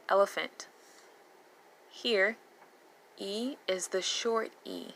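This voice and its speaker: A woman's voice: mid-range voice, level tone, slow, pauses often, fairly bright tone, slight background noise. A woman teaching a phonics lesson, patiently repeating letter sounds and words. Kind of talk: slow phonics lesson for learners.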